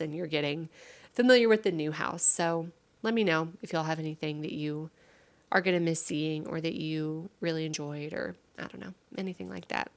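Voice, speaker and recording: A woman vlogging from home, tearful and talking in a rambling, heartfelt way. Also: low voice. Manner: rambling and heartfelt, many fillers. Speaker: vlogger and streamer. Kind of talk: casual confessional vlog.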